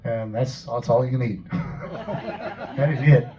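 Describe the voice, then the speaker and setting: A man's voice: medium pitch, fairly even intonation, measured pace, dark tone, rough recording. A man from Tennessee, a singer-songwriter telling joking, laid-back stories between songs at a house concert. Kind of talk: live stage banter between songs.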